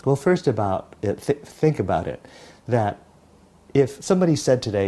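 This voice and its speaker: A man's voice: lowish voice, animated, normal speed, warm tone. A male pastor delivering a sermon, retelling stories dramatically, with frequent restarts.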